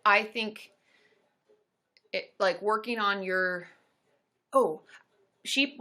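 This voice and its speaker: A woman therapist hosting a casual live stream, chatting upbeat and answering viewer questions with lots of quick asides. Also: mid-range voice, pushed and bright.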